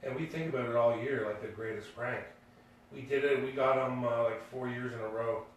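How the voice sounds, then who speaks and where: A man's voice: medium pitch, fairly even intonation, brisk. A man tells a story in a loose, rambling way, with many fillers and restarts. His voice sits in the middle of the male range. It is picked up from a distance in a room with strong echo and a faint hum. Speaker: podcast co-host. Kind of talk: casual storytelling. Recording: echoey room, distant mic.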